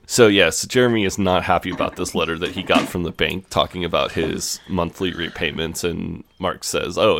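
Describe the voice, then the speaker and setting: A man's voice: low-pitched, gravelly, fairly bright tone. A man co-hosting a podcast, recapping a TV episode in casual chat with dry jokes. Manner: dry, joking, retells scenes in quoted voices. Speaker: podcast co-host.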